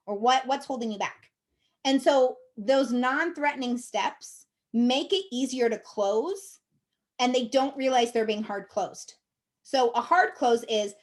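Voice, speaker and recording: Chatty woman, kinda high voice, coaching her team, upbeat and encouraging, keeps saying okay? right?. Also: normal speed. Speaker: sales team trainer. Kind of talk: casual coaching talk to a team.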